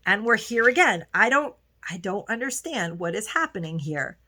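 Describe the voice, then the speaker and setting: A woman's voice: medium pitch, big pitch swings, normal speed, pushed and bright. A woman beauty vlogger chatting casually at home through a haul, gushing about lipsticks and often restarting her sentences. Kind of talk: casual haul video chat.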